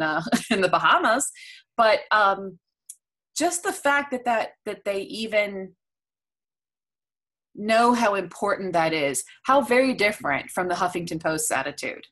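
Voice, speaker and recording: A woman's voice: medium pitch, fairly bright tone. A woman co-hosting a podcast in casual chat, telling stories candidly and with animation. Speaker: podcast co-host.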